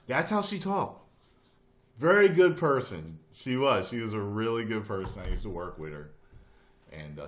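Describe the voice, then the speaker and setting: Brief: a low-voiced male streamer, loose and conversational, wanders through stories. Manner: rambling anecdotal storytelling. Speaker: host. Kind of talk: casual live-stream chat.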